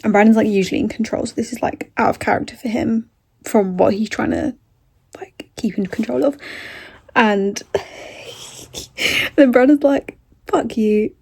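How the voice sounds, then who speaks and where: A young woman chatting casually in a reading vlog, giggly, with soft whispered asides. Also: a little high, fairly even intonation, measured pace, gravelly, pauses often, breathy edge. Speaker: book vlogger.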